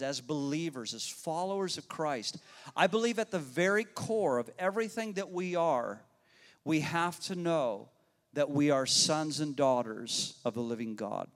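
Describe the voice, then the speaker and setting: A male pastor delivering a sermon, telling a neighborhood story in a folksy, conversational way and speaking directly to his congregation. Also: on the high side. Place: church sanctuary. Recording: long reverb of a church hall.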